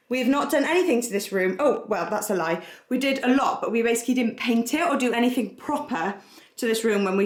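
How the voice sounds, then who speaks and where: A young pregnant woman chatting casually to camera as she walks round her house, bubbly and giggly, now and then short of breath. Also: medium pitch. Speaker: vlogger. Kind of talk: casual vlog chat. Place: home, walking between rooms. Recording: echoey house rooms.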